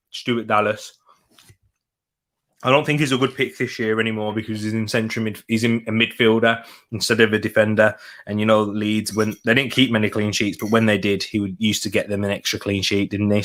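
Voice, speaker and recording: With a mid-range, slightly bright voice, a young man runs a casual football watch-along stream. He reads comments and chats with viewers while eating, laughing frequently.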